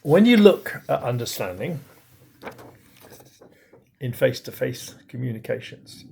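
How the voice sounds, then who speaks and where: A middle-aged man, a bishop, giving a recorded teaching talk on communication, stressing key words with pauses and swings in loudness. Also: fairly high pitch, vocal fry, slight background noise.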